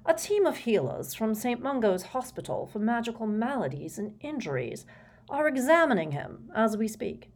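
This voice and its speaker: A woman voicing a cold, brisk male wizard minister who speaks curtly and matter-of-factly. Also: high voice, sing-song, pitched above the performer's own voice, full character voice. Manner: curt, cold, matter-of-fact.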